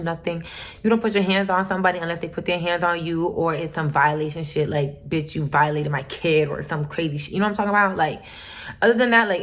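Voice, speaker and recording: A woman's voice: on the low side, a bit bright. Candid, profane young woman vlogger. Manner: candid, profane, emphatic retelling. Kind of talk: casual storytime.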